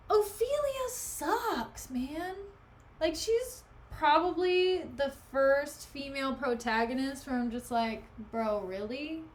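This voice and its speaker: A woman's voice: sits high, a little hiss or hum. A young woman streamer reading a play aloud and chatting sarcastically about it in slang.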